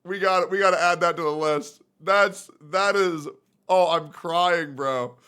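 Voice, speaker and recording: A male streamer reacting live, excitable and profane, breaking into loud shouts. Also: high voice, unhurried, smooth.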